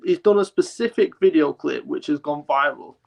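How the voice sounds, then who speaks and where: A man's voice: fairly high pitch, moderate pace, creaky. A man on a fan panel, telling a story in an amused way. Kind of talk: casual chat.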